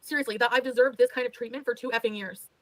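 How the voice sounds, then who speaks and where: Fast-talking exasperated woman streamer. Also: on the high side, fairly even intonation, dry recording, low-quality recording. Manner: exasperated, swearing, resigned. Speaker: streamer in a played clip. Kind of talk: venting on a livestream.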